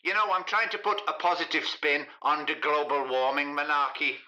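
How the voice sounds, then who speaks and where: A man's voice: fairly high pitch, fairly even intonation, moderate pace, pushed and bright, muffled recording. A man doing a comic impression of a movie star who talks in a put-on Irish accent, blunt and swearing, heard as a phone-in guest. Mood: cheeky. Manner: swearing, blunt, pleased with himself.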